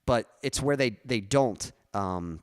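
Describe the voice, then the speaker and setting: A man's voice: fairly low pitch, lively intonation, slow pace, smooth, no echo, clean studio sound. A young man chatting casually on his music live stream, rambling and correcting himself with small chuckles.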